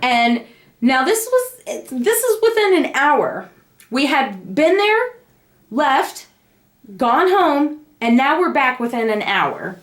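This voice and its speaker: A young woman casually telling her family the story of a birth, acting out the quoted lines. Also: slow. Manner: animated, acts out the quoted lines in a high voice. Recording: echoey room.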